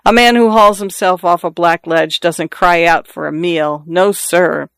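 A man's voice: high-pitched, steady tone, a little slow, creaky, fairly bright tone, clean tone, no echo, clean studio sound, exaggerated voice. Jovial older man spinning yarns, read by a narrator. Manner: hearty, joking storyteller. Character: jovial older man telling family stories. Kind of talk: audiobook character reading.

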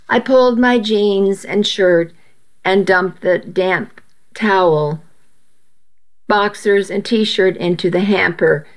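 A woman narrating a first-person story aloud in a steady, measured way. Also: medium pitch.

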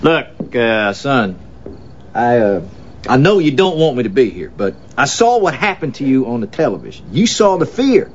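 A man's voice: mid-range voice, sing-song, moderate pace, lightly acted. An actor in his fifties playing a scruffy, washed-up estranged father who talks in a brash, rambling way, heard in a film clip. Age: 50s. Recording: dull lo-fi film clip with noise.

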